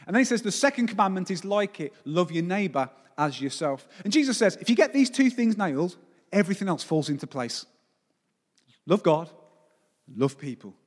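A man with a high, bright voice preaching a passionate sermon, driving home each point through repetition. He is recorded in a church hall whose long reverb trails after every phrase. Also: sing-song, moderate pace. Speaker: pastor.

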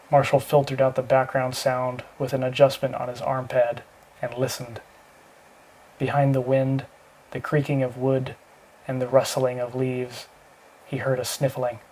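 Man narrating in a flat monotone. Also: mid-range voice, slight background noise, poor audio. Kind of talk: audiobook narration.

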